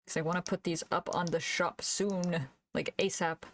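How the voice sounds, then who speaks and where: A woman streamer chatting casually while she draws, thinking aloud, humming to herself and laughing softly, into a desk microphone. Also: lowish voice, fairly even intonation, moderate pace. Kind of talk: casual live-stream chat while drawing.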